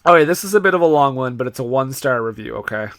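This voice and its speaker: A man's voice: mid-range voice, animated, rapid-fire, a bit bright, no echo. Amused man reading reviews, dry sound. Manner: amused, incredulous, laughs often. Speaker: podcast co-host. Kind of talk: casual chat, reading reviews aloud.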